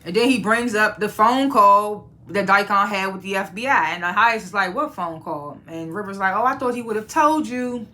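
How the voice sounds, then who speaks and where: A woman running her own review channel recaps a TV episode casually and with profanity, performing the characters' lines as she goes. Her medium-pitched voice is pushed and bright, fairly quick, with few pauses.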